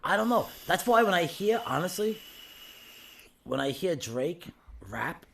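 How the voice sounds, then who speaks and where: A man's voice: high voice, sing-song, measured pace, creaky, slight background noise. A middle-aged man with a thick Brooklyn accent, a podcast guest chatting bluntly and swearing freely. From Brooklyn, New York. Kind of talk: casual podcast chat.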